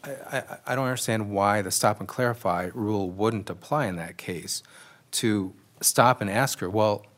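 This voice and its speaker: A man's voice: fairly low pitch, moderate pace, fairly bright tone. A man judge questioning counsel from the bench, reasoning aloud and stammering a little. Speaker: appellate judge.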